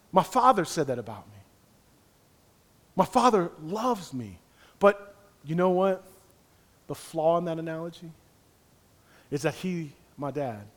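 A man preaching a sermon in repeated rhythmic phrases, swinging from hushed near-whispers to loud impassioned cries. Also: on the high side. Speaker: pastor.

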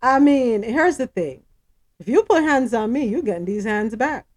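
Woman host, casual news commentary, emphatic, rhetorical questions, lively swooping pitch. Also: moderate pace, noisy background.

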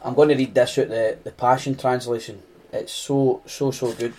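A man's voice: medium pitch, fairly even intonation, normal speed, darkish tone, slight background noise. A man with a Scottish accent preaching a conversational sermon, earnest and often restarting phrases.

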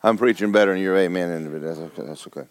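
A man's voice: sits low, quick pace, no echo. A man preaching a blunt, exhorting sermon, firing rhetorical questions at his congregation. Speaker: pastor.

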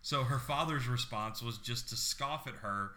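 A man co-hosting a comedy podcast, telling dark stories in casual chat and laughing through them. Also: medium pitch, moderate pace. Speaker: podcast co-host.

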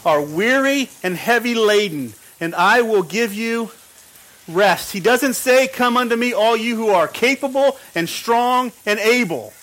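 A man's voice: extremely high pitch, lively intonation, measured pace, fairly bright tone, low-quality recording. A man preaching a sermon, driving his points home through emphatic repetition and frequent restarts. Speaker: pastor.

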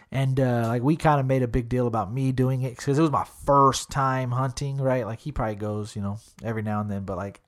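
A young man chatting casually, rambling through a story and saying "dude" a lot. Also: mid-range voice. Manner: rambling, laid-back, says "dude" a lot. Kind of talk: casual chat.

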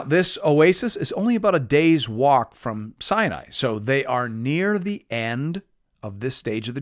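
A man preaching, reading a Bible passage aloud and stopping to explain it in a measured, teaching way. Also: mid-range voice, fairly bright tone, no room sound, studio quality. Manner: measured, explanatory, reads scripture aloud with emphasis.

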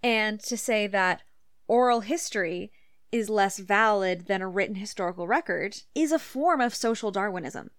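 A woman's voice: mid-range voice, a bit bright, dry recording, studio quality. A woman from Canada co-hosting a podcast, explaining a point at length in a casual way and insisting on her point. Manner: explanatory, insistent, quick asides. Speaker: podcast co-host. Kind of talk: casual educational podcast chat.

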